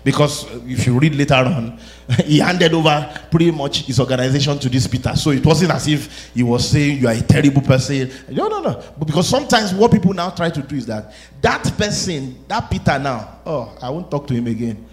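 A man preaching a sermon, animated, rising to shouts and laughing between his points. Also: fairly high pitch, brisk.

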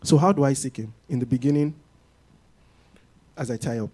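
A man preaching a sermon to a congregation in an animated way, often acting out what people say. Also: medium pitch, normal speed.

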